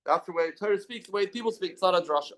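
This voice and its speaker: A man's voice: sits high, racing, a bit bright. A man teaching a Talmud class in a study hall, reading out the text and then explaining it plainly with many questions.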